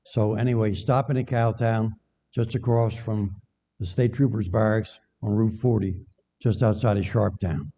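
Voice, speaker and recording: A man's voice: on the low side, fairly even intonation, normal speed, dark tone, slightly rough. An older man, a guest preacher giving a chatty, joking sermon and bantering with the congregation in a church sanctuary. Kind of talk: folksy sermon with jokes. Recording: dull echoey church recording.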